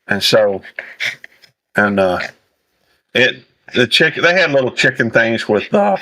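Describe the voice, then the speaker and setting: A man hosts a casual livestream while he eats, his voice bright and forward at an ordinary middle pitch. He rambles, stalls on fillers and circles back over his own words. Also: big pitch swings, rough recording. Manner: rambling, halting, full of fillers. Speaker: livestream host.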